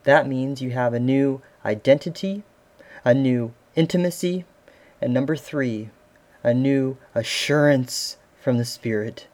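A man's voice: mid-range voice, measured pace, darkish tone. A man, a father, preaching a sermon as pastor, earnest and asking the listeners questions. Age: adult father.

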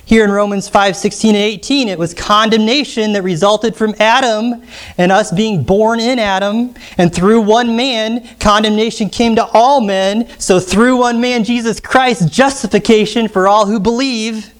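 Emphatic high-voiced male preacher. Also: fairly even intonation, unhurried, clean tone. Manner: emphatic, repeats key phrases, asks the congregation questions. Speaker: pastor. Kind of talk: sermon.

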